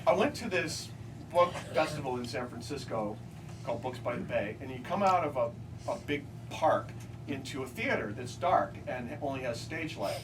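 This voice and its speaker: A middle-aged man, an author at a book signing, reading comic pieces and telling stories to an audience with a wry, deadpan delivery. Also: medium pitch, moderate pace. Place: bookstore event room with a live audience. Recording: distant amateur recording, loud crowd laughter and noise.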